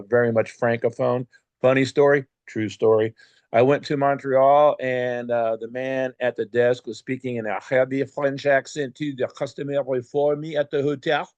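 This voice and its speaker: A man's voice: medium pitch, a little mellow, no echo. A man from the United States hosting a podcast alone, rambling and joking in a chatty way with many fillers. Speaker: podcast host. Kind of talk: casual monologue podcast.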